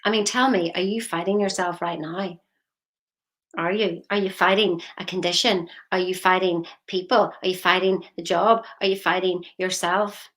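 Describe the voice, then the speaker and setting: A woman's voice: on the low side, fairly even intonation, normal speed, fairly bright tone. A woman giving a motivational talk as a coach, firing repeated questions at the listener.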